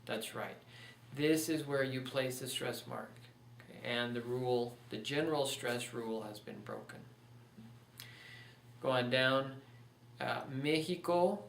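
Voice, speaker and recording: A man's voice: medium pitch, fairly even intonation, measured pace, creaky, long pauses, a bit bright, distant mic, a little hiss or hum. A man teaching a recorded Spanish pronunciation lesson, patiently walking through examples step by step. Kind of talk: recorded online lecture. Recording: echoey room, voice off-mic.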